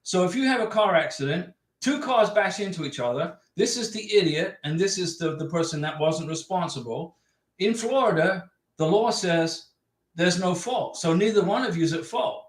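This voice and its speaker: Guy hosting a livestream, high voice, reads chat and repeats himself for emphasis, echoey room. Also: animated, moderate pace. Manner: chatty, reads out viewer comments, repeats points emphatically. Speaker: livestream host giving visa advice. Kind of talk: casual livestream advice.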